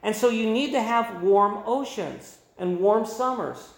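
High-voiced preaching man, echoey room. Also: measured pace, gravelly. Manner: emphatic preaching, repeats key phrases, swings loud and soft. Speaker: pastor. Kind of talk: sermon.

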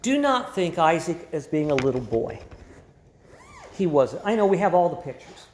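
A pastor delivers a sermon from the pulpit, stressing key words with a deliberate, teaching cadence. The voice sits at a middle pitch, and the sound carries a roomy echo, as in a church hall. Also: sing-song, darkish tone, a little hiss or hum.

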